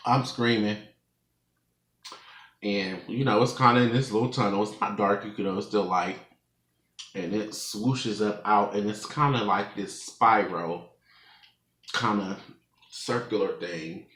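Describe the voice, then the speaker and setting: A man in his twenties tells a long, rambling story to his viewers and laughs often as he goes. His voice sits a bit low but sounds bright and forward. He talks slowly, and the room around him echoes. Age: 20s. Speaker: mukbang vlogger. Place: room at home.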